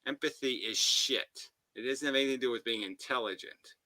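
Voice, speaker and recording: A man's voice: mid-range voice, fairly quick, bright, forceful tone, no echo, rough recording. A man ranting in combative philosophical commentary, profane and abrasive, close to a home mic. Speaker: commentator reacting to a debate.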